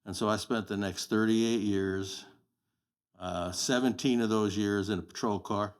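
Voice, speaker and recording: A man's voice: lowish voice, steady tone, unhurried, clean tone. A man in his sixties, a podcast guest, telling blunt, plain-spoken stories from a long career in casual conversation. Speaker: podcast guest, sheriff candidate. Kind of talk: casual storytelling interview.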